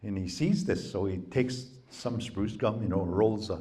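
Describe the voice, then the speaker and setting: A male storyteller with a low voice, relaxed and folksy, telling traditional tales to a live audience. He rambles warmly along, dropping frequent asides as he goes. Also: measured pace. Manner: folksy, relaxed, many "you know"s. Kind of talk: oral folk storytelling. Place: public library event.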